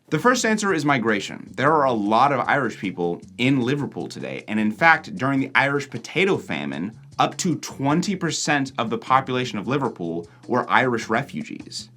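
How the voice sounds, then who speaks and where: A young American man from Oregon narrating a travel vlog with a chatty, animated delivery. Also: mid-range voice. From Oregon, USA. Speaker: vlogger host.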